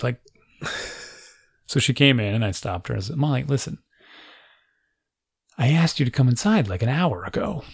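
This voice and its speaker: A man's voice: medium pitch, gravelly, no echo, clean studio sound. A man in his forties casually telling a funny family story, acting out quotes and laughing often.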